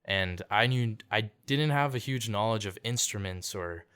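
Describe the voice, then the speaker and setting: Young man from canada, deep voice, laid-back storyteller, podcast guest. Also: moderate pace, fairly bright tone, clear, resonant tone. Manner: laid-back, says "like" and "dude" often, acts out quotes. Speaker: podcast guest, singer-songwriter. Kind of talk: casual storytelling chat.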